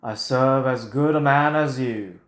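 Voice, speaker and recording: A man voicing Shakespearean characters in a put-on British accent, reciting lines theatrically and deliberately. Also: mid-range voice, fairly bright tone, close to an everyday voice. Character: stagey Shakespearean speaker, adult man. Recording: roomy echo.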